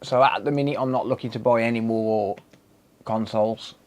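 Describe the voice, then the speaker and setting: A man's voice: fairly low pitch, fairly even intonation, normal speed. Chatty British man hosting a live stream. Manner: chatty, reads out and answers viewer comments, swears casually. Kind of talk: casual live-stream chat.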